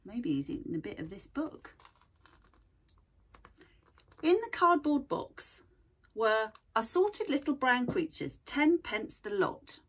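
A woman art teacher reading a picture book aloud and gently guiding young children to draw, asking them questions as she goes. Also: a little high, very animated, takes it slowly, long pauses, breathy edge.

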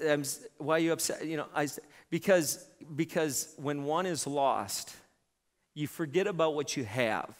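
A middle-aged man preaching a sermon, telling a lively story with many repeated starts. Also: mid-range voice. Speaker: pastor. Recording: long reverb in a church hall.

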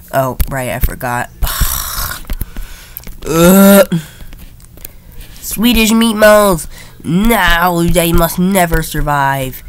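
A woman giving playful, jokey commentary while playing a strategy game, often jumping into silly high voices. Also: slight background noise. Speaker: gaming YouTuber. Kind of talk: casual gameplay commentary.

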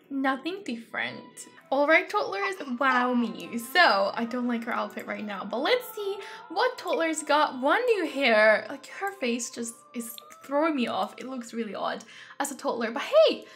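A young woman reviewing a video game in excitable, gushing commentary, often gasping with delight. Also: sits high. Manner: gushing and excitable, frequent gasps. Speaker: gaming YouTuber.

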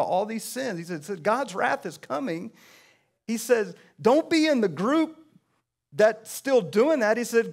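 A middle-aged pastor delivers a sermon in a fairly high voice. He preaches emphatically, his voice climbing and swelling on the key phrases.

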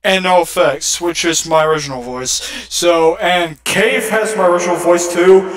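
A man's voice: high voice, moderate pace. A man chatting casually and goofily in a vlog, rambling from one thing to the next. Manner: rambling, goofy. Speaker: YouTuber.

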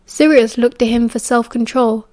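A British woman narrating a story as an audiobook in a steady, even storytelling manner. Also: fairly high pitch, moderate pace. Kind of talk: fan audiobook reading.

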